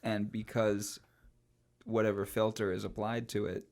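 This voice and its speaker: A man's voice: on the low side, level tone, a little slow, darkish tone. A man co-hosting a film podcast in casual chat, talkative and hesitant, often slipping into playful quoted voices. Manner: chatty, hesitant with fillers, breaks into playful voices. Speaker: podcast co-host. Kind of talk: casual chat about films.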